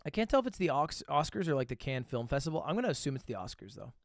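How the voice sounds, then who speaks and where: A male livestreamer with a lively, bouncing voice, talking his way through a guessing game in casual chat. He swears freely and mocks himself as he goes. The sound is dry, close and free of room echo. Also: a little high. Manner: thinks aloud, swears casually, quick self-mocking asides.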